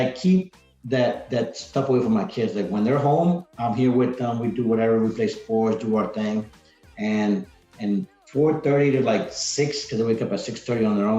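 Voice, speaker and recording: A man's voice: fairly low pitch, normal speed, soft background music. Rambling man in a roomy, dull recording. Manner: rambling, energetic, peppered with "like" and "man". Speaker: podcast guest. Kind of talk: casual podcast chat.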